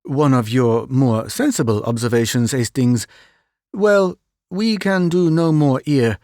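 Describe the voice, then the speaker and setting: A man voicing a fussy, vain, excitable middle-aged Belgian detective who drops French phrases, in an audiobook reading. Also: mid-range voice, unhurried, no echo, clean studio sound, lightly acted.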